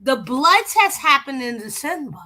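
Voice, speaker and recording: A woman co-hosting a casual recap chat, laying out a deliberate theory. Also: high voice, big pitch swings, bright, forceful tone. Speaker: podcast co-host.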